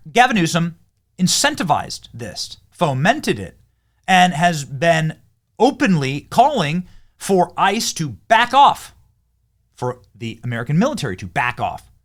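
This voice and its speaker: A man hosting political commentary over clips, heated and emphatic, swinging between loud and low. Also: big pitch swings, measured pace. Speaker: political commentary channel host.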